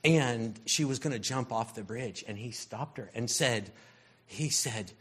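A man's voice: mid-range voice, unhurried, bright, forceful tone, slightly rough. A man giving a conversational sermon, telling stories in a loose, rambling way with lots of fillers. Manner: rambling, storytelling, frequent fillers. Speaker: preacher.

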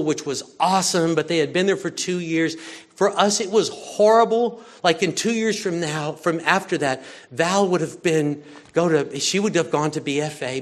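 An older man preaching in a chatty, animated storytelling way, swinging between loud moments and hushed ones. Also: a little high. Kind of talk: conversational sermon with storytelling.

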